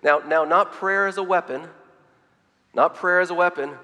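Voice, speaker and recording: A middle-aged male preacher with a slightly high voice delivers an earnest sermon, stumbling into repeated words and reading passages aloud. His voice rings out with a long reverb, as if filling a church hall. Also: normal speed, pushed and bright.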